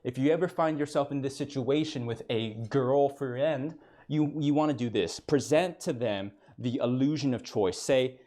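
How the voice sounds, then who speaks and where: A man's voice: medium pitch, moderate pace, a little mellow. A man delivering a comedic explainer monologue in a dry, mock-lecturing way. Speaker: comedic video creator.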